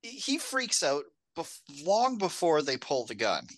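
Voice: medium pitch, huge pitch swings, measured pace, dry recording. A co-host on a casual film podcast who recaps plots with wry jokes and frequent laughter.

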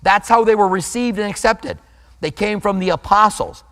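A man preaching a sermon, reading scripture aloud and leaning hard on slow, emphatic words. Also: high-pitched, a bit bright, big-room sound. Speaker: pastor.

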